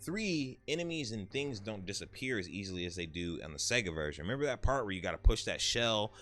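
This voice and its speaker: A man in his thirties chatting casually about games he beat, telling stories in an animated way with some swearing. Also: on the low side. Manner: animated storytelling, swearing, quick asides. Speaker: gaming YouTuber. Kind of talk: casual game review chat.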